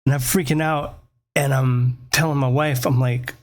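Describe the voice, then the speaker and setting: A man telling a personal story in a casual, animated way, swearing freely and often checking in with "right?". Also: mid-range voice, normal speed. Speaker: podcast host.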